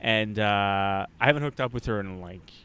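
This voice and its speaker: A man's voice: lowish voice, moderate pace, clear, resonant tone. A young man co-hosting a podcast, telling a long rambling story in casual chat, swearing often and acting out the lines of the people in it. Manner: rambling, animated, swears a lot, acts out quotes. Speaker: podcast co-host. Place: Montreal.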